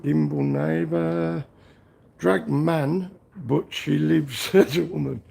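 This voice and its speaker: Gravelly slow-talking Liverpool man. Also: a little high, fairly even intonation, dark tone. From Liverpool, England. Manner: jokey, breaks into snatches of song. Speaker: livestream host reading chat. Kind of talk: casual livestream chat. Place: garage workshop.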